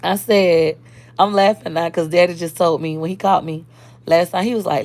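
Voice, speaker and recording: Blunt, gravelly woman on a live stream. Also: lowish voice, normal speed, darkish tone, no echo. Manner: blunt, streetwise, reads and answers viewer comments. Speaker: social media creator. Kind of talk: casual live-stream talk.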